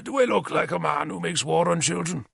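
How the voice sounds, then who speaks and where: A man voicing a cruel, vengeful one-armed warlord king who shouts and snarls threats in an audiobook. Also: a little high, a little fast, vocal fry, slightly rough, no room sound, studio quality, pitched above the performer's own voice, full character voice. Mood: furious.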